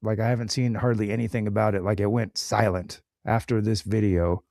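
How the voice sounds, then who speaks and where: A man chats casually, stumbling and restarting his sentences as he goes. His tone is mellow and warm. The recording is dry and close. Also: fairly low pitch, fairly even intonation, vocal fry, no echo. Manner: halting, full of restarts. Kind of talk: casual chat.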